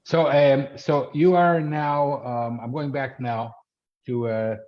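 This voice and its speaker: A man hosting a podcast interview, asking questions and interjecting quickly. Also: mid-range voice, steady tone. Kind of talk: conversational interview. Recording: dull muffled lo-fi audio.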